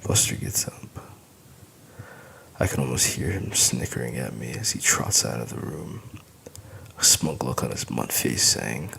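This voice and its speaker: A man's voice: extremely low pitch, animated, unhurried, creaky, pushed and bright, whispered. A man narrating an audiobook in the first person, with wry, weary humor.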